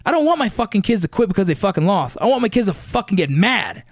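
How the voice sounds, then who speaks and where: A man's voice: sits high, big pitch swings, fast talker, no echo, studio quality. A man in his thirties from the San Fernando Valley, a father giving a blunt, intense, profane motivational rant that hammers points home through repetition. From San Fernando Valley, California. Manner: blunt and intense, heavy swearing, repeats for emphasis. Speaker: father of young athletes.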